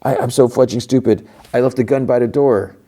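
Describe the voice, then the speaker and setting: A man's voice: medium pitch, warm tone, pitched above the performer's own voice, natural voice. Man putting on a stammering scared young man. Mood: anxious. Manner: stammering, halting. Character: frightened stammering young man, guilt-ridden.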